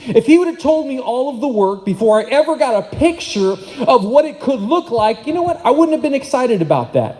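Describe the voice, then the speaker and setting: A man in his thirties preaching a sermon as pastor, energetic and joking, swinging between loud and soft. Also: very high voice. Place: church hall. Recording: long hall reverb.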